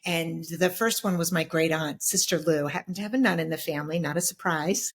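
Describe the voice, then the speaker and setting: A middle-aged woman telling her personal story as an interview guest, reflective and halting, with many fillers and restarts. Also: low-pitched, fairly even intonation.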